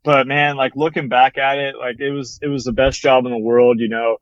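A young man, a former bat boy, telling a story in casual chat, with lots of fillers and a relaxed manner. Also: medium pitch, fairly quick, no echo, highs cut off. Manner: relaxed, rambling, many fillers like "like" and "you know".

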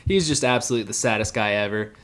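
A man's voice: on the low side, fairly bright tone. A man co-hosting a casual podcast, recapping an anime episode in a blunt, joking way. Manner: joking, blunt, mimics characters in quick asides. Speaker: podcast co-host.

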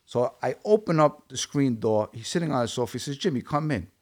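A man's voice: mid-range voice, expressive, a little fast. A man from Brooklyn with a Brooklyn accent, speaking as a guest. He tells his story in a blunt, streetwise way, often quoting the dialogue. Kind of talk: casual interview storytelling.

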